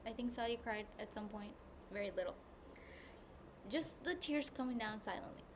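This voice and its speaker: A woman podcast host telling a personal story in a candid, rambling way, with lots of "like", at times hushed and at times loud. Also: fairly high pitch, normal speed. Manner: rambling and candid, heavy use of "like", swings between hushed and loud. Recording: noisy background hiss.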